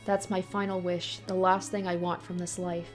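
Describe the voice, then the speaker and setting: A woman's voice: fairly low pitch, flat delivery, normal speed, faint music behind, natural voice. A woman reading as a bitter dying man. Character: bitter dying young man seeking revenge. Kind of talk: reading a visual novel aloud.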